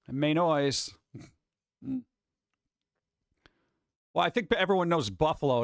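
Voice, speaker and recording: Man streamer, casual rambling chat, jokey asides, slightly high voice, dry close sound. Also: slow pace, long pauses, no room sound. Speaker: streamer host reading chat.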